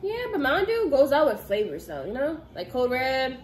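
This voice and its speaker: A young woman with a fairly high, lively voice, teasing and egging on her partner as she runs the countdowns. The sound is roomy and echoey, with a faint hiss underneath. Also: moderate pace. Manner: teasing, laughs a lot, counts down. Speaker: co-host running the challenge. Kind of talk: casual chat. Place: house, indoors. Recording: roomy echo.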